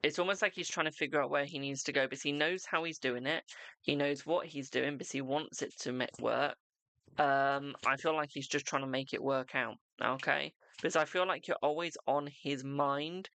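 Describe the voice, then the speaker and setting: A young man gives a live-streamed tarot reading in a raised, gravelly voice with a bright, forceful edge. He talks in a soothing, repetitive way, checking in with "okay?" and calling the viewer his darling. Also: a little high, moderate pace, dry recording. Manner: reassuring, repetitive, keeps saying "okay" and "my darling".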